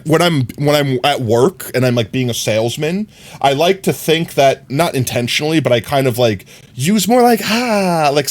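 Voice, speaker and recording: A man livestreaming, chatting casually with his viewers in an animated, filler-heavy way. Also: mid-range voice.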